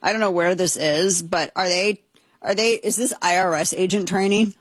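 A woman talk radio host with a husky, slightly breathy voice on a close, dry mic. She talks off the cuff with incredulous exclamations and quick jokes. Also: fairly low pitch, dry recording. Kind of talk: casual talk radio commentary.

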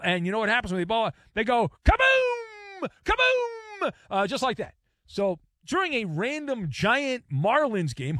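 A man's voice: very high-pitched, bright, forceful tone, no room sound, studio quality. A man hosting a sports talk radio show, playful and theatrical, with joking asides and repetitions. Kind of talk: sports talk radio with live-read ads.

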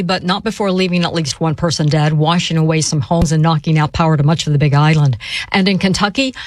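A woman reading a scripted radio newscast in a crisp, even delivery. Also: on the low side, dry recording. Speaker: radio news anchor.

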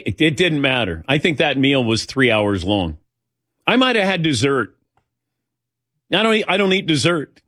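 A man's voice: mid-range voice, a bit bright, no room sound, studio quality. A middle-aged man hosting a talk show, telling a personal story in a rambling, anecdotal way and acting out the dialogue.

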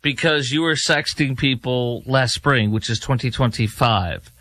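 A man hosting a commentary show, mocking and halting with many fillers. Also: medium pitch, a bit bright. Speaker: commentary host. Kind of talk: sarcastic political commentary.

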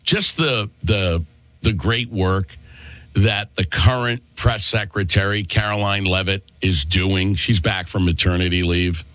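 A man's voice: low voice, steady tone, unhurried, fairly bright tone, no echo. A male talk show host with a Worcester, Massachusetts accent, delivering a chatty, opinionated monologue and calling listeners folks.

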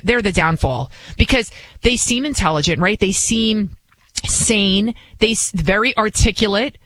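Mocking, animated woman talk radio host. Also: mid-range voice, low-quality recording. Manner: animated, mocking, acts out quoted voices. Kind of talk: opinionated talk radio commentary.

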